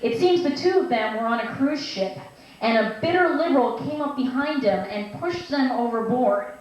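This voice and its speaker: High-voiced woman doing stand-up. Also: animated, moderate pace. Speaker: stand-up comedian. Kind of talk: stand-up comedy set. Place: small restaurant venue, live reading night. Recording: echoey room, distant mic, faint noise.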